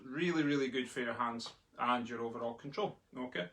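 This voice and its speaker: A man leads a live drumming lesson from his home, chatting easily and chanting the sticking aloud. His voice sits in a middle register. Drumstick clicks and steady noise run behind him on a laptop recording. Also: medium pitch, fairly quick. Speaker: drumming tutor. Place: home room. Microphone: laptop in front of him.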